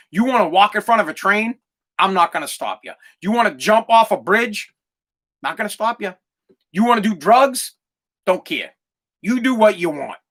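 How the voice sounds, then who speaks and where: A man's voice: high-pitched, bright, forceful tone. A middle-aged man hosting a podcast, ranting bluntly with plenty of profanity and mocking whiny voices. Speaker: podcast host. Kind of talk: blunt opinion monologue.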